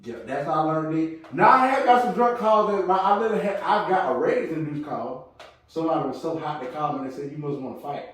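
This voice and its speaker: Recorded in an echoey room from a distant mic, this young podcast co-host talks fast in a fairly high voice. He tells stories animatedly during a casual chat, performing the voices of the people in them.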